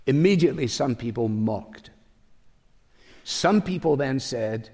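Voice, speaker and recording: A man's voice: medium pitch, animated, takes it slowly, a little mellow. An older man preaching a sermon to a congregation, talking conversationally and slipping in wry, humorous asides. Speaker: pastor. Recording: long hall reverb.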